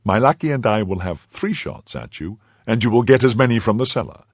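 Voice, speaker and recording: A man's voice: lowish voice, animated, a little fast, no echo, studio quality. A man reading a bold, commanding young swordsman. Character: bold young male swordsman, cool-headed.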